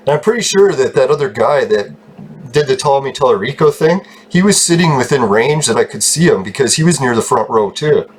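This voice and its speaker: A man with a slightly husky voice rambles through a story for his channel. He swears constantly and talks with excited energy, laughing as he goes. His pitch sits in an ordinary middle range. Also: normal speed. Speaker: channel host telling a story. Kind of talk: casual storytelling vlog.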